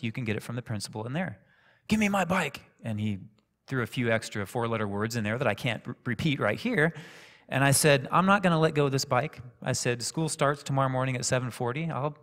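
A man preaching a sermon in a church, telling a personal story in a calm, conversational way. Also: medium pitch. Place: church sanctuary. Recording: reverberant church hall.

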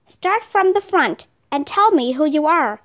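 A woman reading aloud, voicing a hearty adult female tour bus driver who calls out loudly and friendly. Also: high-pitched, expressive, a little slow. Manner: loud, friendly calling out.

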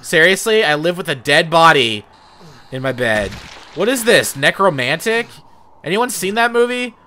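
A man's voice: a little high, moderate pace, a little hiss or hum. A man doing profane, joking commentary over a video game he is playing. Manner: profane, excitable, sarcastic jokes while playing. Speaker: let's play commentator. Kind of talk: gameplay commentary.

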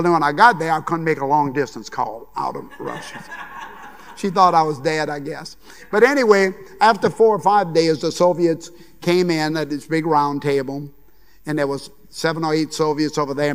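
An older man from Louisiana with a Cajun accent, telling a folksy, animated story as a chef giving a conference keynote. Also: a little high, vocal fry. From Louisiana, USA. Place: large conference hall. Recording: long reverb of a large hall.

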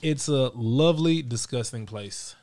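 Guy hosting a podcast, rambly and jokey, swears a lot, middle pitch. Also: unhurried, darkish tone. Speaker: podcast host. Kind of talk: casual chat.

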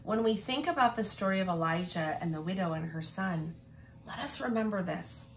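A woman telling a Bible story to young children in a gentle, expressive way, often asking them questions. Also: mid-range voice, moderate pace, a little hiss or hum. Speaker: children's Sabbath school teacher.

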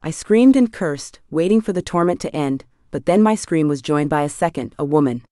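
A woman narrating a fantasy audiobook in the first person, with a tense and dramatic reading. Her voice sits low for a woman, and the recording is dry and close with no room sound. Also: animated, a little fast, warm tone, dry recording.

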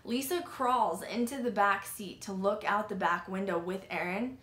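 A woman hosting a paranormal podcast tells her own story in a loose, animated way, with lots of "like" fillers and the odd curse word. Her voice sits at an ordinary middle pitch for a woman. The room around her gives a noticeable echo. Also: normal speed. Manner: animated, filler-heavy retelling with frequent "like" and swearing. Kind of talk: casual storytelling. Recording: roomy echo.

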